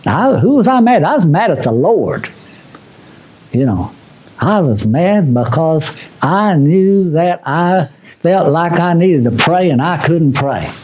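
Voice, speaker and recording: A man preaching a sermon as pastor, moving between loud, high exhortation and low, quiet asides. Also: very animated, takes it slowly, a little hiss or hum, low-quality recording. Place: church sanctuary.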